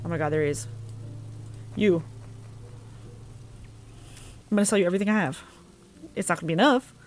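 A woman's voice: lowish voice, brisk, a little hiss or hum. Swearing, exasperated woman gamer. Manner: exasperated, swears a lot, talks to herself. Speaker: gaming video creator. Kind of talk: let's play commentary.

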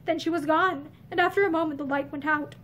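A woman reads a novel aloud with an expressive, earnest delivery. Her voice is very high. She sits facing the camera in an indoor room lined with bookshelves. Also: brisk. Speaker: audiobook reader.

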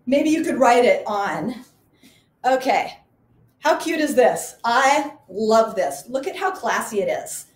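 A woman's voice: on the high side, big pitch swings, slow. A woman who runs a small garage boutique, chatting enthusiastically as she presents clothes in a live online showcase. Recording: echoey room.

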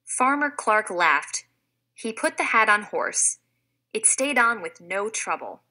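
A woman reading a children's storybook aloud in a clear, expressive way, like a teacher. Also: mid-range voice, takes it slowly.

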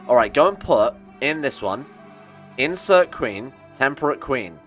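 A man's voice: mid-range voice, big pitch swings, measured pace, long pauses, fairly bright tone, soft background music. A man giving casual, joking commentary while he plays a video game, often annoyed and swearing. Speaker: gaming streamer.

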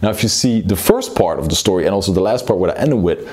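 In this public speaking lesson, a man from Belgium works as a speaking coach. He alternates a low, unhurried delivery with a quick, energetic one so listeners can hear the difference.

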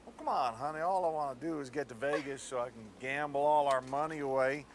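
A man's voice: mid-range voice, brisk, background noise, lightly acted. A man playing a sarcastic, fed-up fiancé. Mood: teasing. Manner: dry, sarcastic, bursts into yelling. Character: exasperated fiancé on a road trip, sarcastic. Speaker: actor. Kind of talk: comedy sketch acting.

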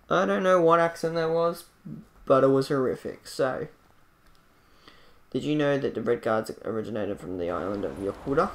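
A man casually commentating his gameplay into a desk microphone, excitable and jokey with loud bursts. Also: mid-range voice, normal speed, long pauses. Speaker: gaming channel host.

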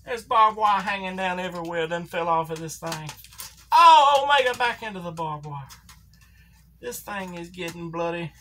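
A woman's voice: fairly low pitch, animated, normal speed, pushed and bright, a little hiss or hum. A woman voicing a folksy Southern older male wrestling commentator, calling a toy figure match with a thick put-on drawl and country grammar. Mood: excited ringside. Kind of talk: comedic ringside commentary.

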